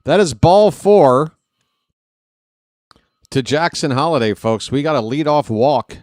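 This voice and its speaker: A man's voice: fairly high pitch, expressive, slow pace, noisy background. A man calling a live baseball game as a streaming host, in a rambling, jokey, self-deprecating way. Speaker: play-by-play streamer. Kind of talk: live play-by-play commentary.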